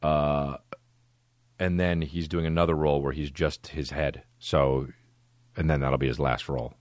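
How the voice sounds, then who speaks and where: A man's voice: rumbling low, fairly even intonation, normal speed, no room sound, clean studio sound. A man hosting a podcast, chatting in a loose, profane, jokey way. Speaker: podcast host. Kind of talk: casual podcast chat.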